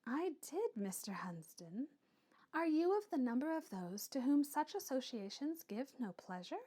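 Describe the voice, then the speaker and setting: Woman reading as proud young lady, soft, earnest, quietly defiant, fairly high voice. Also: big pitch swings, moderate pace.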